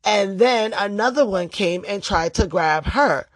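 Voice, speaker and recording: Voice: medium pitch, expressive, a little slow, no room sound. Blunt, profane storytelling vlogger. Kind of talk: casual storytime monologue.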